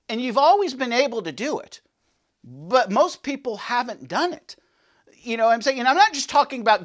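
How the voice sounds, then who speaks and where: A man hosting a men's ministry show, preaching a devotional with rhetorical questions, swinging between loud and hushed. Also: sits high. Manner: peppers talk with "you know what I'm saying" and "okay"; asks listeners rhetorical questions.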